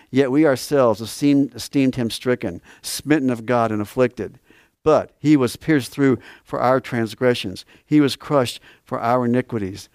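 A man's voice: mid-range voice, a little mellow, no room sound, clean studio sound. A man preaching a sermon, reading scripture aloud and repeating key words with emphasis.

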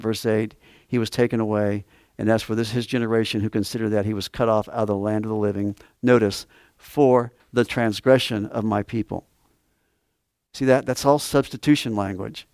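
A man's voice: mid-range voice, creaky, a little mellow, no echo, studio quality. A man preaching a sermon, reading scripture aloud and repeating key words with emphasis.

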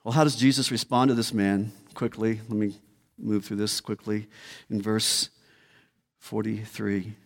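A man's voice: lowish voice, flat delivery, a little slow. A man preaching a sermon as pastor, emphatic and repeating key words. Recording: long hall reverb.

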